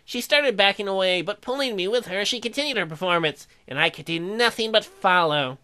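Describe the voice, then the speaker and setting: A woman in a let's-play, reading the game's narration aloud and cracking crude jokes in between. Her voice is bright, at a middle pitch, and her delivery is mostly deadpan. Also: fairly quick. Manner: deadpan narration broken by crude joking outbursts. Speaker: co-host reading a dating sim. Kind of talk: reading game narration with joking asides.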